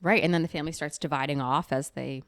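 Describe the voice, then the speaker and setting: A young woman from the Northeast US, co-hosting a podcast in casual chat, chatty and quick to laugh. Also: low voice, no room sound, clean studio sound. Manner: chatty, giggly, animated storyteller. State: pregnant. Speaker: podcast co-host.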